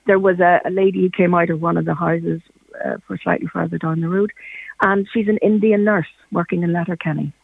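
A woman's voice: lowish voice, fairly even intonation, brisk, vocal fry, husky, dry recording. A Northern Irish woman calling in to a radio show, speaking passionately and with emphasis. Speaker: caller. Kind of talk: radio phone-in call. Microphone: phone. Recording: tinny phone line.

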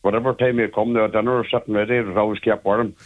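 A man's voice: lowish voice, little pitch movement, fast. An older man with a Donegal Irish accent, reminiscing casually as a guest and rambling along with plenty of fillers. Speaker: guest remembering his father. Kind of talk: casual storytelling on a radio phone-in. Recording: tinny phone line.

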